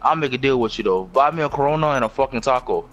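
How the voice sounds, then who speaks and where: A man's voice: mid-range voice, expressive, quick pace, fairly bright tone, dull audio, soft background music, lightly acted. A man doing a lazy, drawling Mexican guy. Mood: bargaining. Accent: put-on Mexican Spanish. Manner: drawling, broken English. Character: lazy Mexican man who wants tacos.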